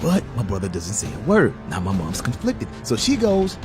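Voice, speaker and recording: An animated young man tells a funny childhood story in slangy storytime style, his pitch leaping all over. Music plays behind his voice. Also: moderate pace. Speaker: comedic storyteller. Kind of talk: comedic storytime narration.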